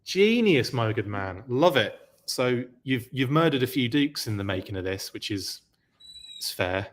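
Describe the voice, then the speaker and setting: A man hosting a live podcast stream, chatty and excited, gushing over a collectible and reading viewer comments aloud. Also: mid-range voice, measured pace. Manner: chatty, many fillers and restarts. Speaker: podcast host.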